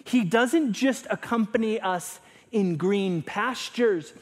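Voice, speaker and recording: A middle-aged male pastor preaching a sermon, swinging between loud emphasis and hushed, near-whispered lines. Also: high-pitched.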